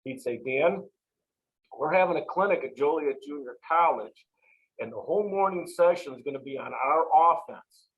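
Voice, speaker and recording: A man's voice: a little high, moderate pace, phone-quality sound. A man, a longtime football coach, telling stories in an interview and acting out the exchanges he quotes. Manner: animated, acts out quoted exchanges. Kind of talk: storytelling interview.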